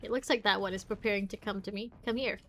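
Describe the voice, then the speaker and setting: A woman streamer giving live commentary while playing a game, reacting out loud and reading the story text aloud. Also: mid-range voice, steady tone, fast talker. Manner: reactive, exclaims and groans at the game. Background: faint game music.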